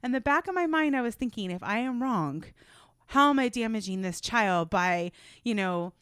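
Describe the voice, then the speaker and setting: A woman in her thirties co-hosting a podcast, chatting casually and telling animated stories with frequent laughter. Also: fairly high pitch, moderate pace, clean tone, no echo, clean studio sound. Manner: laughs often, animated storytelling. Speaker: podcast co-host. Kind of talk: casual chat.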